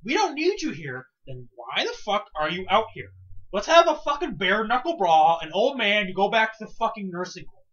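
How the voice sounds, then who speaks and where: A man's voice: high voice, moderate pace, highs cut off. A man co-hosting a casual podcast, ranting with lots of swearing. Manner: profane, animated ranting. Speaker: co-host.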